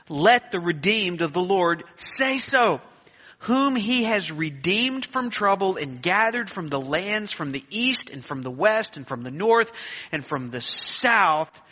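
Emphatic high-voiced preacher in an echoey hall. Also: male voice, pushed and bright, husky. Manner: emphatic, dramatic pauses, urging the congregation to respond aloud. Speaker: pastor. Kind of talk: sermon. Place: church sanctuary. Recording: echoey hall, dull lo-fi sound.

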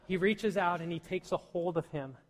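A male pastor preaching a sermon in a church, swinging between loud emphatic peaks and soft near-whispers. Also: high-pitched, moderate pace. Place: church hall. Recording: long hall reverb.

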